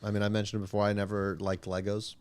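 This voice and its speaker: Lowish voice, chill guy cohosting a podcast, swears a lot and laughs. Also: completely flat delivery, very fast, clean tone. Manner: laid-back, profane, laughs often. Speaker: podcast co-host. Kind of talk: casual chat.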